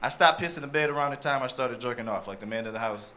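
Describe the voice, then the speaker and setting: A man's voice: medium pitch, fast, pushed and bright. A man in his thirties performing a stand-up comedy set on a club stage, punchy, switching into voices for the people he quotes. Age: 30s.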